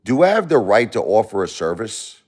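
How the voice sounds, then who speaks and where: A man hosting a live stream, angrily lecturing and insulting a chat commenter with lots of profanity, swinging between loud outbursts and low muttering. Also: sing-song, normal speed. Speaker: livestream host reading chat. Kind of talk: livestream rant at a chat commenter.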